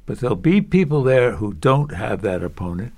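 A man's voice: mid-range voice, very animated, moderate pace, dark tone. A man giving preaching advice in a podcast conversation, chuckling between points. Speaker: preaching teacher.

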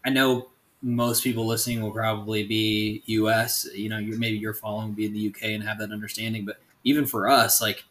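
A man hosting a podcast, asking relaxed, probing follow-up questions in a casual conversational way. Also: on the low side, a little fast. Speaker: podcast host. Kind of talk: casual interview chat.

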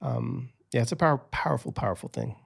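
A man who is a podcast guest, telling stories in a chatty, animated way with many restarts. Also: mid-range voice, fast, vocal fry, breathy edge. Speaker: podcast guest, author and speaker. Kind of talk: casual storytelling interview.

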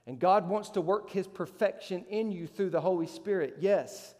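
A man's voice: sits high, normal speed, a little mellow, in a large hall. A man preaching a sermon as pastor, emphatic, his voice leaping up on rhetorical questions.

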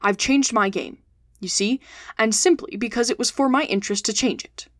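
A woman reading the part of a cool, calculating male detective in a storybook, speaking in a cold, measured way. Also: a little high, no echo, clean studio sound, close to an everyday voice. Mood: calm.

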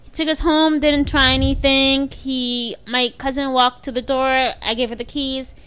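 Bright animated young woman telling stories. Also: high voice, moderate pace, clear, resonant tone. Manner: animated storyteller, acts out quotes, laughs a lot. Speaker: podcast co-host. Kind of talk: casual chat, storytelling.

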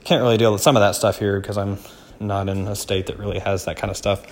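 A man's voice: lowish voice, level tone, fast talker. Laid-back young man, slangy podcast talk. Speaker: podcast host. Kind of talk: casual solo podcast monologue.

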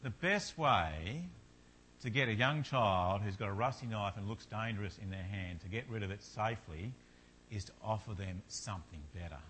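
A man's voice: fairly low pitch, moderate pace, a bit bright, a little hiss or hum. A man preaching a sermon in an earnest manner, building to fervent repetition.

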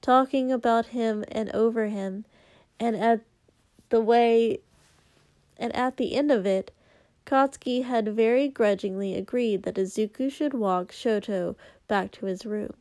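A woman narrating a story in a steady, unhurried reading. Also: fairly high pitch, no echo, clean studio sound. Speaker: audiobook narrator. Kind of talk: story narration read aloud.

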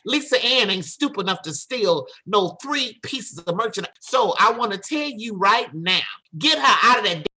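A blunt, profane mother defending her daughter, acted out by a woman retelling the story. The voice is husky and pitched up high. She scolds and gives orders without letting up. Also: expressive, normal speed, hardly any pauses, bright, forceful tone. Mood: furious. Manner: scolding, cursing, demanding. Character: fierce protective middle-aged mother, blunt and profane.

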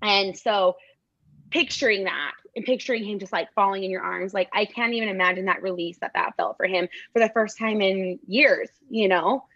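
A woman's voice: medium pitch, steady tone, moderate pace, fairly bright tone, no echo, highs cut off. A woman hosting a podcast interview, affirming her guest with short responses and reflective comments. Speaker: podcast host. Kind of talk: interview chat.

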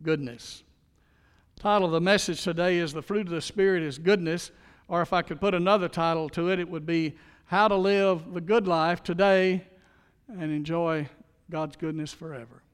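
A man's voice: fairly high pitch, steady tone, normal speed, smooth, long reverb tail. A man preaching a sermon as pastor, in a folksy, storytelling manner.

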